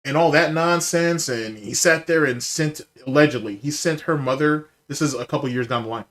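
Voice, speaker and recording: A man's voice: a little high, moderate pace, fairly bright tone. A man hosting a live podcast in casual chat, loose and profane, reacting to viewer messages. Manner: profane, loose and chatty, bursts into laughter. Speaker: podcast host.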